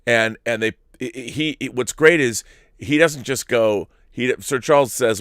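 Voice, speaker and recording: A man's voice: mid-range voice, a little slow, a bit bright, no echo. Rambling man, dry sound. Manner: rambling, restarts often, acts out quotes. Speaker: podcast co-host. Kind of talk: casual discussion.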